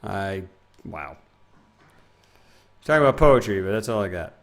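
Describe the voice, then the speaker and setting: Goofy gravelly young man streaming. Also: fairly low pitch, lively intonation, unhurried. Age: 20s. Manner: goofy, rambling, reads chat aloud, breaks into silly sing-song bits. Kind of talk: casual live-stream chat while gaming.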